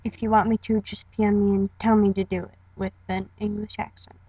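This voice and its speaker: A woman's voice: medium pitch, flat delivery, brisk, mellow, breathy edge, dry recording, dull audio. A young woman casually introducing her voice acting audition, rambling a little and sounding unsure.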